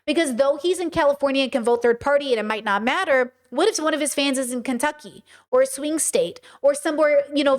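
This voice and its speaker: A woman streaming live commentary, talking passionately and emphatically and answering her chat. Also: high voice.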